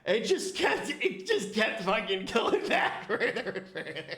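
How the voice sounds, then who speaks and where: A man's voice: sits high, a little slow, slight background noise. A man streaming in casual chat, reacting to a video and telling stories with lots of laughter and swearing. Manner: animated storytelling, laughs often, swears.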